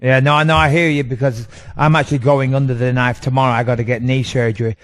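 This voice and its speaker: A man's voice: medium pitch, steady tone, fast, fairly bright tone. A man with an English accent hosting a radio interview, polite and a little hesitant. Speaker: host.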